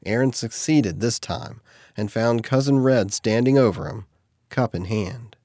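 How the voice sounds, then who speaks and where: A man reading an audiobook in steady, measured scripted narration. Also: mid-range voice, no room sound, studio quality.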